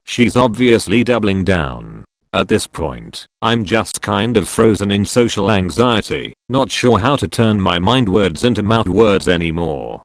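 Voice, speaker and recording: Lively low-voiced male story narrator. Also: normal speed, hardly any pauses, no echo.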